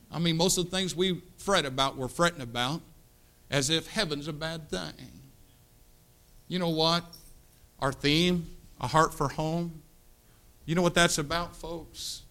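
Pastor, man in his 50s, American, fervent church sermon, very bright ringing tone, slightly high voice. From United States. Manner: impassioned preaching, swells loud then drops to hushed. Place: church sanctuary.

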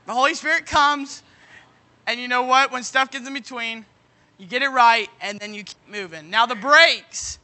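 High, bright-voiced man preaching a sermon. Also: normal speed. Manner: keeps repeating "you know what?", folksy everyday examples; bursts into shouting at moments.

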